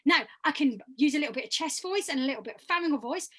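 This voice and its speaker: A woman with a high, bright voice coaching a vocal workshop over a video call. She talks participants through breath and resonance exercises, demonstrating each one aloud with encouragement. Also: lively intonation, racing. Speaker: voice workshop leader.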